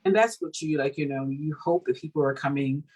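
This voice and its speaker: A woman from Cameroon, an author being interviewed, talking in a casual, animated way with many fillers and laughs. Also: sits low, fairly quick, low-quality recording. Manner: animated, laughing, full of fillers like "you know". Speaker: author guest.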